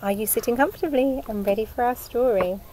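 A woman with an English accent, a nursery teacher reading a picture book aloud to young children in a sing-song, animated way, outdoors in a garden. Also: a little high, fast talker. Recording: faint outdoor noise with chickens.

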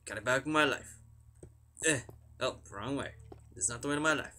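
A man's voice: medium pitch, moderate pace, pauses often, pushed and bright, slight background noise. A young man talking casually over a game he plays, chanting repeated words under his breath. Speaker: gamer. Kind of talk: game commentary. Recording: music in background.

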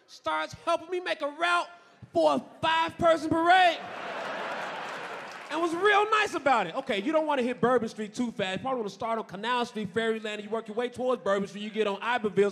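A man doing a stand-up comedy routine on a club stage, telling stories in a dry, deadpan way with sudden shouted punchlines. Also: very high-pitched, brisk, creaky. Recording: noisy live comedy club.

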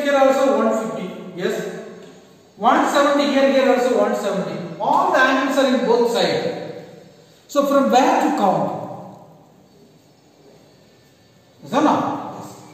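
A male teacher walks his class through each step and keeps checking in with questions. His voice sits high. He is heard from a distance in a big room with a long, ringing echo. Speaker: math teacher. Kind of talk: classroom geometry lesson. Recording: echoey hall, voice from far off.

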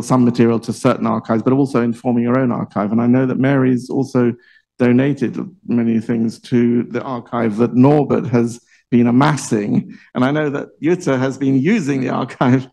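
A man's voice: medium pitch, steady tone, normal speed, vocal fry, mellow, poor audio. A man moderating a panel discussion at a book launch, chatty and laughing often. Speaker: event host. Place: library event room.

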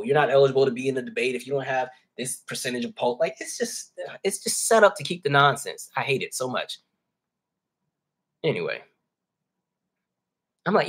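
A man's voice: medium pitch, bright, forceful tone, breathy edge. A man hosting a livestream, talking casually with his viewers and calling them y'all. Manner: conversational, addresses viewers as y'all. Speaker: livestream host reading chat. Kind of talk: casual chat.

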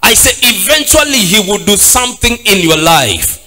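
High-voiced, bright preaching pastor. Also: male voice, big pitch swings, moderate pace, soft background music. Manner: repetitive, rising into sung preaching cadence. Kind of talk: sermon.

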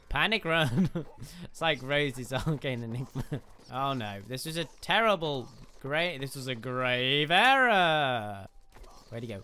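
Excitable man, lively bright voice. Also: on the high side, normal speed, clear, resonant tone. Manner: excitable, exclaiming, laughs often. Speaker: gaming YouTuber. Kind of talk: gameplay commentary.

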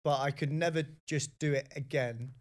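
A man co-hosting a podcast in casual chat, animated, often laughing and calling the others "mate". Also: medium pitch, normal speed. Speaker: podcast co-host.

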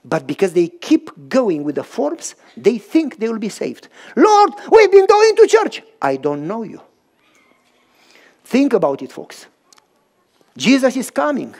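High-voiced, animated male preacher. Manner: animated and emphatic, acting out voices and rhythmic sounds; short repeated phrases, stressing each word. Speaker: pastor. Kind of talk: storytelling sermon.

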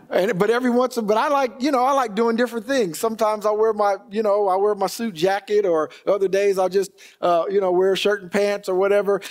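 Casting: middle-aged male pastor, high voice, loose chatty sermon delivery. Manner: conversational preaching with repeated restarts.

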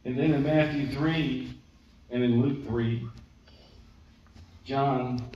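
A man's voice: mid-range voice, fairly even intonation, slow. A man teaches a sermon as a story, acting out what the people in it say. He is recorded from a distance in a very echoey church hall. The sound is dull, with faint room noise behind him. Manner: conversational storytelling, acts out quotes. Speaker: preacher.

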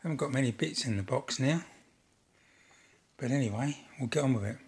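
A husky-voiced older man talks through a model build at his workbench in a rambling, chatty way. He pokes fun at himself as he goes. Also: mid-range voice, a little fast. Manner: rambling, chatty, self-deprecating. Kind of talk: casual build vlog narration.

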